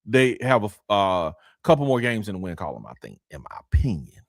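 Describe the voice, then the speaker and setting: Lively, teasing man hosting sports talk. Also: on the low side, a little fast, vocal fry, no room sound, clean studio sound. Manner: animated, teasing, many "you know what I'm saying". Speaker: podcast host.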